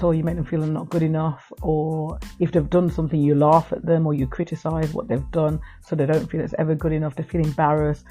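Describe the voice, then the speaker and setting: Speaking in a low, slightly rough voice with a dark tone, a middle-aged podcast host shares reflections on her life. Her storytelling to listeners is sincere and heartfelt.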